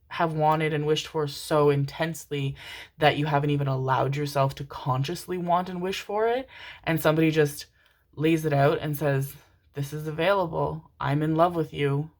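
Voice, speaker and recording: A woman giving a casual tarot reading to her viewers, rambling and emotional, calling them pet names and swearing casually. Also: low voice. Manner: tender, calls listeners pet names. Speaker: tarot reader.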